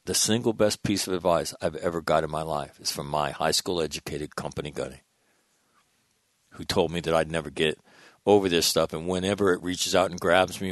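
Blunt, deep-voiced middle-aged man. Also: a bit bright, dry recording, studio quality. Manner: emphatic, blunt and profane. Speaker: guest, Marine veteran speaker. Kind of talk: candid storytelling interview.

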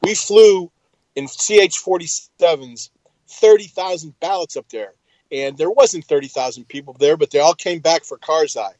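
A man's voice: a little high, moderate pace, a little mellow, dry recording, muffled recording. A man and military veteran in a casual chat, blunt and emphatic, swearing at times. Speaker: podcast co-host, military veteran.

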